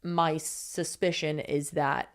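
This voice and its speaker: A young woman with a notably low voice co-hosts a casual podcast. She gives frank, animated relationship advice and peppers her talk with "like". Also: slow. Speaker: podcast co-host.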